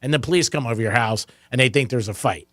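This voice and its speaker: A man hosting a talk radio show in the studio, joking and getting excited, laughing often. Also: mid-range voice, quick pace, no room sound. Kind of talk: casual talk radio banter. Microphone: studio microphone.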